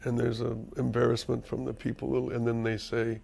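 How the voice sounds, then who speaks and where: An older man with a gravelly, creaky voice tells stories candidly in an interview. He is animated and emphatic and swears freely. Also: mid-range voice, normal speed, few pauses. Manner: animated storyteller, profane and emphatic. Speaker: screenwriter being interviewed.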